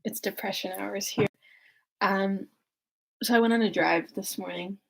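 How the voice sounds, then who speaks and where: A woman's voice: mid-range voice, unhurried, gravelly. A young woman who chats casually and self-mockingly with many fillers, then reads a classic novel aloud. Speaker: audiobook reader.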